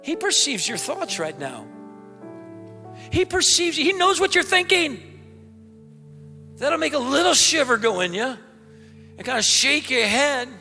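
A man preaching a sermon as pastor, excitable and bursting into shouts, in a large church hall. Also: very high voice, a little slow, pauses often, soft background music.

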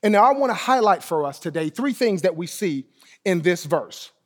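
High-voiced preacher in an echoing hall. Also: male voice, sing-song, normal speed. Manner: emphatic preaching, repeats key phrases, drops to soft low endings. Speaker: pastor. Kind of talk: sermon.

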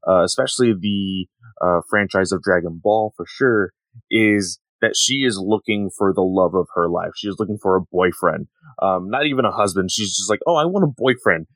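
Low-voiced man, casual chatty recap. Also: moderate pace, dry recording. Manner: relaxed, many fillers, plays out quotes. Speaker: podcast co-host. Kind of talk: casual manga discussion.

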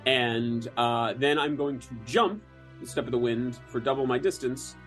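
A man's voice: mid-range voice, moderate pace, faint music behind. A man playing a tabletop game, talking casually with many restarts and a wry, self-mocking manner. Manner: hesitant, full of restarts, wry.

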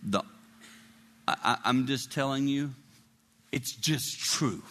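A man in his sixties preaching a sermon to a congregation, emotional, dropping to hushed whispers and rising to high cries. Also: takes it slowly, in a large hall. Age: 60s. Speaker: traveling preacher. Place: large hall with a live congregation.

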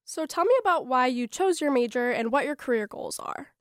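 Woman radio host, high voice, brief plain interview questions, dry close mic. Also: expressive, a little fast, no room sound.

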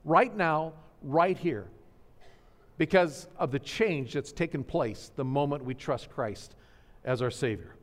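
A man preaching a sermon, swinging between hushed, sorrowful passages and soaring, fervent proclamation. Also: fairly high pitch, takes it slowly, long reverb tail. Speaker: pastor.

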